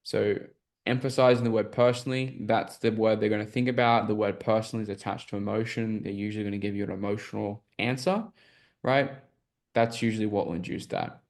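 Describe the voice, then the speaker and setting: A man's voice: fairly low pitch, steady tone, fairly quick, a little mellow. A man coaching a group on a call, explaining sales questions in a casual, filler-heavy way and often checking that listeners follow.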